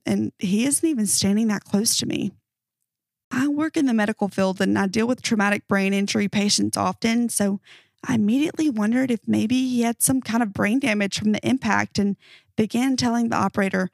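A woman narrating a creepy first-person story in a measured, earnest way. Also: mid-range voice, darkish tone, no echo. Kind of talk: reading creepy online stories aloud.

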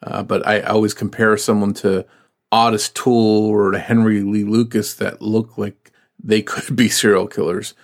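A man co-hosting a true crime podcast, narrating a case and chatting, pausing and searching for words. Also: fairly low pitch, level tone. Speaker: podcast co-host.

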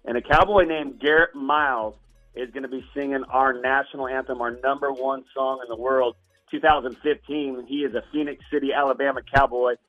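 A man's voice: medium pitch, steady tone, fairly quick, soft background music. A man calling in by phone, a rodeo announcer, talking like a hyped-up showman. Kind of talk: phone interview. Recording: dull phone-line audio.

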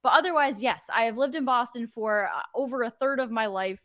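A young woman from Connecticut with no regional accent, co-hosting a casual sports betting chat in an animated, opinionated way. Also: a little high, a little fast. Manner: animated, opinionated, chatty with fillers. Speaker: sports betting podcast co-host.

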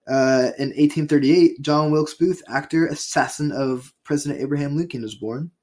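A woman's voice: sits low, normal speed. Casual swearing woman reading history dates. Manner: reads dates in a flat list voice, swears and laughs often. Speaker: podcast co-host. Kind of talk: casual podcast chat reading history facts.

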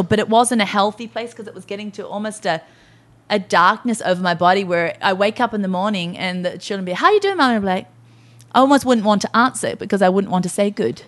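A woman's voice: mid-range voice, fast talker, fairly bright tone. A middle-aged woman co-hosting a faith-based podcast, talking earnestly and emotionally about grief and hope. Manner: earnest, emotional, quotes herself speaking to her body. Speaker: podcast co-host.

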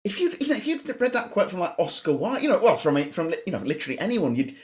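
A man's voice: high voice, sing-song, quick pace. A man hosting a comedy podcast, chatting casually and hesitantly with his guest. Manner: hesitant, many fillers and restarts. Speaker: podcast host. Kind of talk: casual chat.

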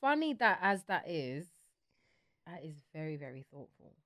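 A woman's voice: deep voice, very animated, moderate pace, a bit bright, no echo, clean studio sound. A young woman, teasing and playful as a podcast co-host in casual chat.

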